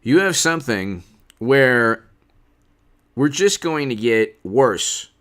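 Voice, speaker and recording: A man's voice: medium pitch, very animated, takes it slowly, a bit bright. A man hosting a political commentary livestream, talking in a sarcastic, rambling way.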